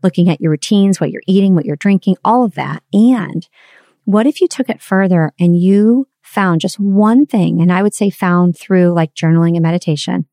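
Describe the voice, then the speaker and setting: A woman's voice: lowish voice, moderate pace, dark tone, dry recording, studio quality. A woman in her forties sharing a candid, confessional personal story and reflecting on parenting.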